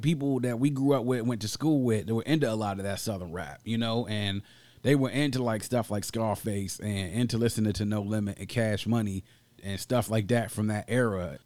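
A man's voice: lowish voice, no room sound. Chatty D.C. man in a dry room. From Washington, D.C. area. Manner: animated, laughs often, talks at length. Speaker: podcast co-host. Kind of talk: casual chat.

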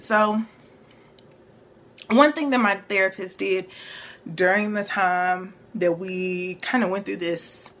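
A woman's voice: mid-range voice, measured pace, a bit bright. A young adult woman sharing a personal faith and therapy story in an earnest, reflective way, with many fillers. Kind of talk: personal testimony.

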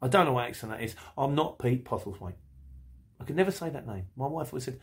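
A man's voice: medium pitch, expressive, fast talker. A middle-aged man hosting a podcast, chatting casually and rambling while he reads out listener messages, laughing often. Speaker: podcast host.

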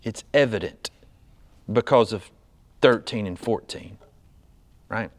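Speaking slowly, a man preaches as pastor in a chatty way, regularly checking in with the congregation by asking "right?" His delivery climbs to loud, high emphasis.

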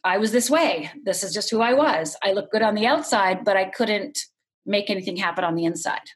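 Middle-aged woman guest, candid storyteller, even mid pitch, unhurried delivery. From Upper Michigan, USA. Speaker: podcast guest. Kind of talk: personal storytelling.

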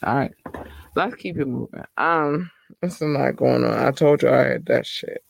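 A woman hosting her own podcast, talking casually in slang and giving affectionate shout-outs to her listeners. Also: rumbling low, normal speed, creaky, no echo, poor audio. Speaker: podcast host. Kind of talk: casual solo podcast chat.

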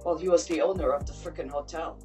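A woman with a very low voice tells stories in a casual, emphatic way, swearing for effect. She sounds set back from the microphone. Faint music plays underneath. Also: quick pace. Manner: animated, emphatic storyteller who swears. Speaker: podcast guest. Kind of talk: casual storytelling. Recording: distant mic with faint music.

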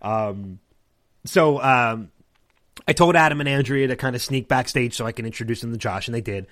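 A man chatting casually on his podcast, spinning a long anecdote. He slips into other people's voices as he goes, and his pitch sits in the middle. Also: moderate pace. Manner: animated anecdote-telling, acting out others' lines. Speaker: podcast host. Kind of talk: casual storytelling chat.

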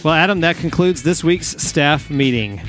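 A man's voice: a little high, expressive, moderate pace, fairly bright tone, soft background music. A man co-hosting a podcast in casual chat, friendly and encouraging. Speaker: podcast co-host.

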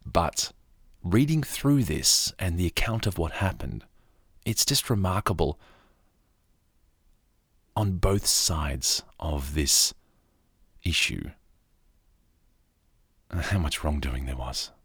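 An Australian man narrating a story in a calm, soft-spoken way for a podcast, with casual asides. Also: deep voice, slow pace, long pauses, breathy edge, dry recording, clean studio sound.

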